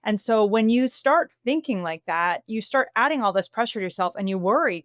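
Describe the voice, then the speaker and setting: A woman sports broadcaster as an interview guest, animated and emotional, who laughs easily and retells stories. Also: mid-range voice, fairly quick, few pauses, dry recording, studio quality. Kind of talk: conversational interview.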